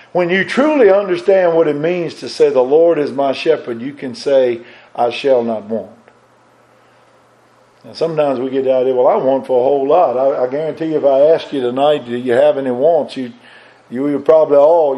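A man preaching a sermon with a fervent, repetitive cadence, climbing higher and louder on emphatic points and dropping low and soft on reflective ones, with halting restarts. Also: rough recording. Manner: rises in pitch and force on emphatic points, drops low and soft on reflective lines.

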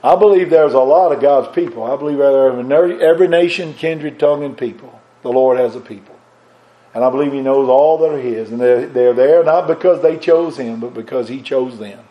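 A man preaching a sermon with a fervent, repetitive cadence, climbing higher and louder on emphatic points and dropping low and soft on reflective ones, with halting restarts. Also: dull audio. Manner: rises in pitch and force on emphatic points, drops low and soft on reflective lines.

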